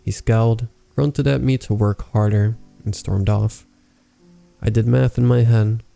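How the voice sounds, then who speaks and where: A man reading a horror story aloud as narrator, in a calm, measured way. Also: fairly low pitch, gravelly, soft background music. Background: faint rain ambience.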